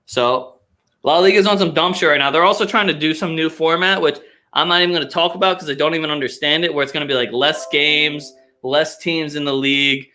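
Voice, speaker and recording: A man with a fairly high, bright and forceful voice hosts a casual sports podcast. He rants in a profane, sarcastic way. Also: fairly even intonation, brisk. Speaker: podcast host.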